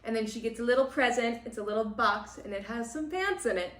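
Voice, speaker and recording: A woman co-hosting a casual book podcast, retelling the plot in long, animated run-on recaps. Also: fairly high pitch, fast, roomy sound. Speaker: podcast co-host. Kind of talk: casual book club chat.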